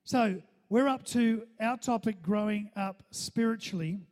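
A man's voice: sits high, unhurried, darkish tone. A man preaching a sermon, often calling out to his listeners for agreement and repeating words as he goes. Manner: calls for audience response, repeats words. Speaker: pastor. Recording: hall with long reverb.

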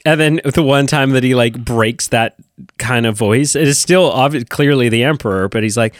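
Man, podcast co-host, enthusiastic, rambling, medium pitch, dry recording. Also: normal speed, dry recording. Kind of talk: casual chat.

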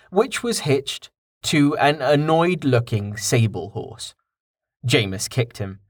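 A man narrating a fantasy audiobook in an expressive storytelling style on a close mic. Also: mid-range voice, no room sound.

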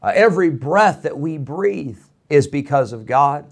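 A man's voice: a little high, expressive, measured pace, gravelly. Earnest preacher man pleading. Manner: earnest, pleading, emphatic repetition. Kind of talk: radio sermon.

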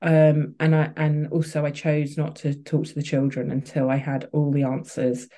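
A woman's voice: sits low, monotone, normal speed, dark tone. A woman, a podcast guest, telling a personal story candidly, with frequent restarts and fillers. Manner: open, emotional, many restarts and fillers.

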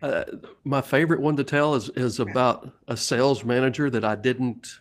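A middle-aged man with a Southern US accent tells sales stories in a relaxed interview. He laughs often and restarts his sentences as he talks. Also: medium pitch, moderate pace. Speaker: sales leadership coach and guest. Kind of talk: casual storytelling interview.

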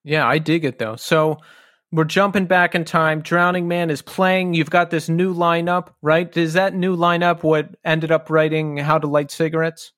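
A man's voice: on the high side, steady tone, normal speed, a bit bright, no echo, clean studio sound. A man hosting a casual podcast interview, asking eager, fan-like questions about the music. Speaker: podcast host.

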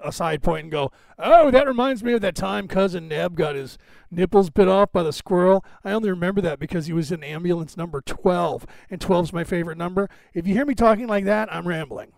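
A self-assured man rambles through his podcast with a gravelly rasp in his voice, which sits a little above the usual male pitch. He drifts off on tangents and asides. The recording is dry and close, with no room sound. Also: darkish tone, dry recording. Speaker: podcast host. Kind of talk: rambling casual monologue.

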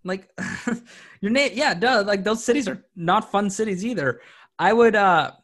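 High-pitched and slightly bright, this young man speaks with lively intonation. Co-hosting a sports podcast, he rambles casually and keeps ribbing the other hosts with quick jokes.

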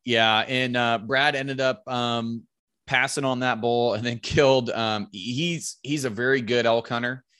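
A man casually telling a hunting story, animated and swearing freely, acting out what was said with a loud raised voice. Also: medium pitch, unhurried.

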